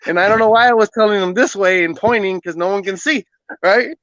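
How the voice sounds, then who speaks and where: A man who is a podcast guest, casually telling a personal story in an animated way, often laughing and acting out what people said. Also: sits high, a little fast, dry recording, dull audio.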